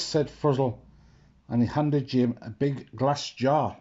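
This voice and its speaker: A man slowly reading a children's picture book aloud, expressive and adding asides. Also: medium pitch, slightly rough, highs cut off. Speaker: storyteller.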